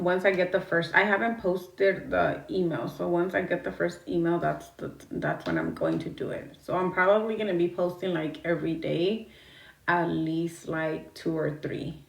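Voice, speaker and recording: A woman's voice: fairly low pitch, expressive, unhurried, creaky, echoey room, distant mic. A woman livestreaming from her phone, talking bluntly and rambling, swearing and greeting her chat as she goes.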